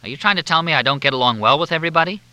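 A man's voice: on the high side, rapid-fire, bright, forceful tone, dry recording, pitched above the performer's own voice, rough recording. A man doing a wry, probing male reporter.

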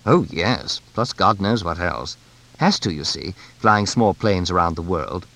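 A man's voice: low voice, expressive, measured pace, a bit bright, exaggerated voice. A man voicing a jovial, breezy middle-aged bush pilot who has settled in Kenya, in an audiobook. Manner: chuckling, breezy, expansive.

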